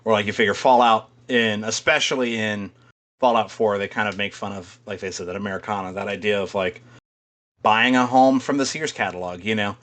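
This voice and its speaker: A man's voice: lowish voice, steady tone, brisk, a bit bright. A man co-hosting a podcast in casual chat, rambling, swearing freely and laughing often. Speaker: podcast co-host.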